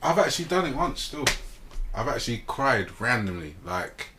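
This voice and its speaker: A man hosting a casual podcast book discussion, talking in a relaxed, reflective way. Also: mid-range voice, normal speed, noisy background.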